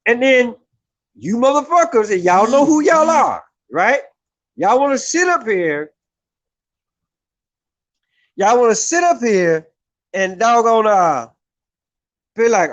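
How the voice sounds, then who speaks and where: High-voiced man ranting heatedly. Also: big pitch swings, takes it slowly, long pauses, muffled recording. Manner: heated, repetitive, keeps asking "right?". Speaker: vlogger. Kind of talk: profane opinion rant.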